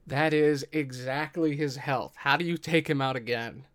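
A man running a tabletop game as game master, describing the scene in a relaxed way. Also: mid-range voice, normal speed.

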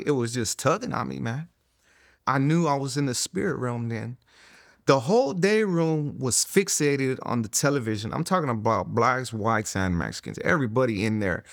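An earnest middle-aged man recounts his story in a conversational interview. His voice sits in a middle range and sounds dry and close, with no room around it. He fills his talk with "you know" and drops almost to a hush at the moments that matter most. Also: medium pitch, gravelly, no room sound. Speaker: interviewee telling his testimony. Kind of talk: conversational testimony. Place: recorded interview in a studio room.

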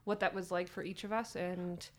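Playful chatty young woman co-host. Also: fairly low pitch. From small town. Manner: chatty and playful, quick laughs and lively asides. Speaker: podcast co-host. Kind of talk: casual chat.

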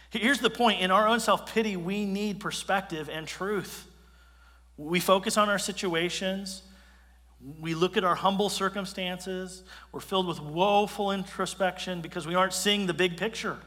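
A man's voice: high voice, moderate pace, bright, forceful tone, long reverb tail. A male pastor preaching a sermon in a casual, conversational way, often restarting his phrases.

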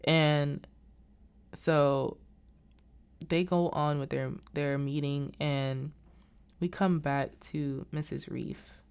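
Low, slow-talking woman recapping a film. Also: clean tone. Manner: animated retelling with quoted dialogue. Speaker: movie recap host. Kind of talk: casual movie recap.

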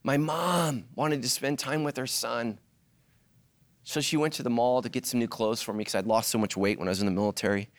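A middle-aged male pastor preaching a sermon, swinging from loud, high-pitched joking to a hushed, earnest tone. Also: a little fast. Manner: animated, jokes in a loud, high voice, then drops to a hushed, earnest tone.

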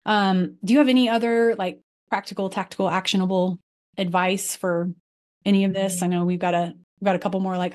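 A woman's voice: medium pitch, a little mellow. A woman hosts a casual podcast conversation. She sounds chatty and encouraging, and her talk is full of fillers as she tees up questions for her guest. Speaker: podcast host.

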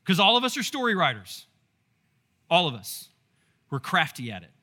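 A man preaching a sermon as pastor, animated and storytelling with asides and rhetorical questions. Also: sits high, normal speed. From Texas.

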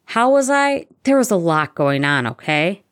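A woman's voice: mid-range voice, expressive, normal speed, voice pushed up, natural voice. A woman reading fanfiction aloud, voicing a flustered, defensive teenage boy who blurts things out in a raised voice.

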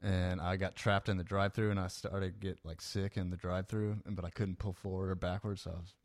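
A man's voice: low-pitched, flat delivery, quick pace. A man co-hosting a podcast, telling a rambling, self-deprecating story in casual chat. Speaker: podcast co-host.

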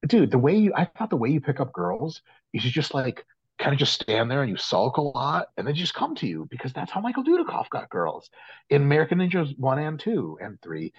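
Man, podcast guest, husky voice, lively pitch, rambling and profane, dull lo-fi sound. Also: no echo. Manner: rambling, profane and self-mocking. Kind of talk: casual chat.

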